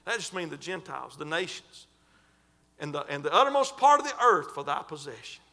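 A man preaching a sermon in a fervent, folksy way, stretching and shouting scripture lines. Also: fairly high pitch, sing-song, brisk, vocal fry. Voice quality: folksy, colloquial.

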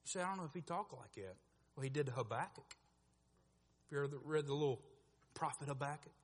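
A man preaching a sermon, animated, acting out voices in his stories and swinging from quiet asides to loud bursts. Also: fairly high pitch, fairly quick, breathy edge. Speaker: pastor. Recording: echoey hall reverb.

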